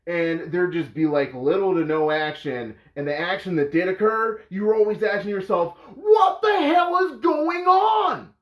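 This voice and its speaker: High-voiced man ranting in an echoey room. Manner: animated and exasperated, with emphatic incredulous outbursts. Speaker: host of a movie review show. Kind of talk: casual spoken movie review. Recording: echoey room, dull lo-fi sound.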